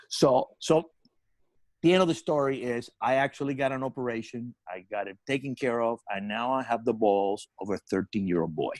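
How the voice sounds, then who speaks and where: A middle-aged man spins a comic story on a podcast, laughing as he goes. His pitch swings widely as he tells it, and the sound is dry and close with no room around it. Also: moderate pace, dry recording. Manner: animated storyteller, laughing through his own punchlines. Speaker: comedy podcast co-host.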